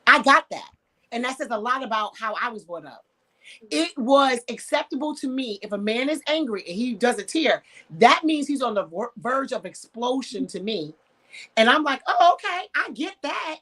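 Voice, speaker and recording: Frank, animated woman telling a story. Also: fairly high pitch, normal speed. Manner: emphatic, animated storytelling with acted-out quotes; frank, uses slang. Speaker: sexologist guest. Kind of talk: candid radio conversation.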